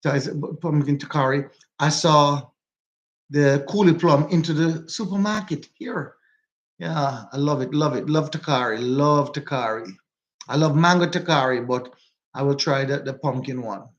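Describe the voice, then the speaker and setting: A man's voice: on the high side, moderate pace, muffled recording. Chatty Jamaican man livestreaming on a phone. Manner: chatty, repeats phrases, greets viewers by name. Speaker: livestream host. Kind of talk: casual livestream chat. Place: walking outdoors.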